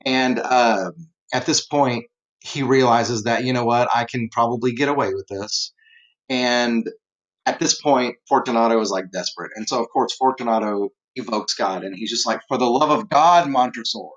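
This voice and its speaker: A man walks students through a story in a loose, conversational lecture, stopping often to fill gaps and restart his thoughts. His voice sits in a middle pitch. The audio is a little dull, like a simple screen recording. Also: steady tone, moderate pace, fairly bright tone. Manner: rambling, conversational, many fillers. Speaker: teacher. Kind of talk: casual literature lecture.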